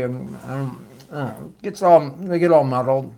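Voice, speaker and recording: An American man hosts a political live-stream, reading out viewer comments and questions in a loose, joking, profane style full of fillers and trailing asides. His voice is medium-pitched, creaky and somewhat dark, and he takes his time.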